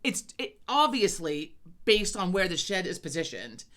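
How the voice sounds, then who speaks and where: A woman co-hosting a podcast, telling a story in casual chat, animated and swearing freely. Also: fairly low pitch, moderate pace. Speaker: podcast co-host.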